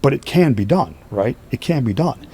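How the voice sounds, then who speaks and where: A middle-aged man from the Northeastern US, a strength athlete appearing as a podcast guest, tells stories in a casual chat. His medium-pitched voice has a breathy edge and normal pace. He's animated, acts out quoted voices, and keeps checking in with "right?"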